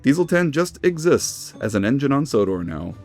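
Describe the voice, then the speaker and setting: A man's voice: medium pitch, normal speed, soft background music. A man hosting a video essay, narrating in a casual, enthusiastic way. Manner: enthusiastic, animated.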